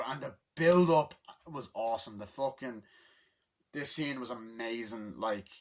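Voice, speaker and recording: A young man excitedly recapping a movie in a rambling, casual way, swearing often and bursting into acted-out lines from the scenes. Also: mid-range voice, measured pace. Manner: rambling, swears a lot, acts out scenes with shouted voices. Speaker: movie reviewer.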